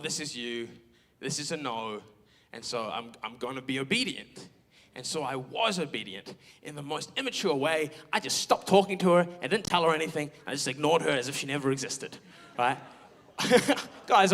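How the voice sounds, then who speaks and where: High-voiced young pastor telling a story. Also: male voice, a bit bright. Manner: candid, self-mocking storytelling with quoted asides. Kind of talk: sermon with personal story. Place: church auditorium.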